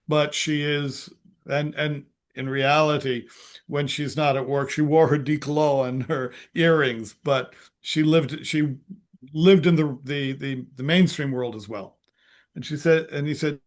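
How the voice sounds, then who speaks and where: A man telling a story as a podcast guest, halting and restarting, acting out the quotes. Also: on the high side, steady tone. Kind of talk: storytelling in conversation.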